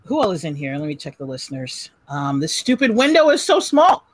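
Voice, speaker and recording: A woman from Southern California hosts a live call-in podcast, talking casually and swearing freely as she tells stories. Her pitch swoops up and down with animated energy. The sound is dry and close. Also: brisk, no echo. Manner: profane, chatty, laughs often. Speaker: podcast host taking calls. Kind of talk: casual live chat show.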